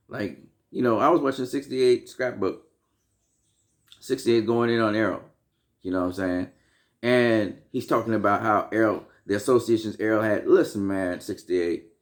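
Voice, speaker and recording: A man giving casual, opinionated commentary to his viewers in a blunt, heated, profane way. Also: medium pitch. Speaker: boxing commentary vlogger.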